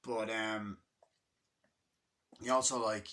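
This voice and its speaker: A man's voice: on the low side, little pitch movement, slow, bright, forceful tone. Rambling, foul-mouthed young man. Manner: rambling and profane, full of fillers. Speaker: movie reviewer. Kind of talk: casual spoken movie review.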